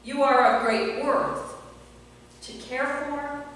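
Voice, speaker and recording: A woman pastor preaching a sermon slowly and emphatically, with long pauses. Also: high voice, steady tone, a bit bright, a little hiss or hum. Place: church sanctuary. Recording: echoey church hall from far off.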